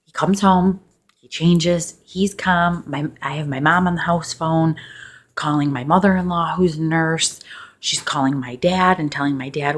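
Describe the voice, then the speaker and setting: A young woman casually telling a personal story in a loosely ASMR style, chatty and laughing, bursting into high excited voices when she quotes people. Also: measured pace. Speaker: ASMR channel host.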